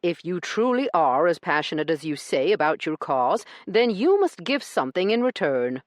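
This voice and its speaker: A woman voicing a stern, blunt gentleman who lectures with dry sarcasm in an audiobook. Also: fairly low pitch, sing-song, normal speed, no echo. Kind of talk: audiobook character reading.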